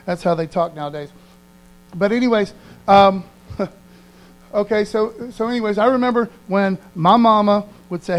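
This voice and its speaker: Man, preacher, high voice, folksy conversational sermon, checks in with the audience, reads verses slowly. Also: low-quality recording. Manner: slows down to read verses aloud. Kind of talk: conversational sermon with scripture reading.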